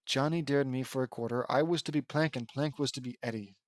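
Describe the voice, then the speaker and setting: A dim, cheerful cartoon boy, read by a man in a near-plain voice. The delivery is flat and matter-of-fact, read from a fan story. The sound is dry. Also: mid-range voice, a little fast, no room sound, voice pushed down, natural voice.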